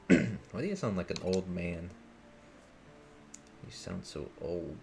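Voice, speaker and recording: A man's voice: deep voice, expressive, takes it slowly, vocal fry, pauses often. A man streaming a video game live, making profane, joking asides as he plays. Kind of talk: live gameplay commentary. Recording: game music loud underneath. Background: game music.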